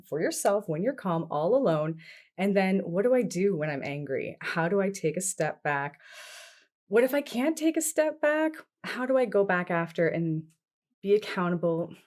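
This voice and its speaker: A woman from Canada, a therapist guest on a podcast, explaining things calmly with strings of questions. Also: medium pitch, moderate pace. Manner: explains steps with strings of questions, calm and instructive. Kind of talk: podcast conversation.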